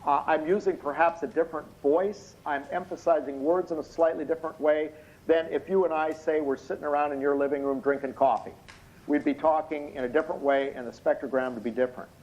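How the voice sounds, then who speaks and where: Slightly hoarse man testifying over video call. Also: a little high, fairly even intonation, darkish tone. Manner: measured, explanatory, many hesitant fillers. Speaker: expert witness. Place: indoor room at night. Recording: muffled video call audio.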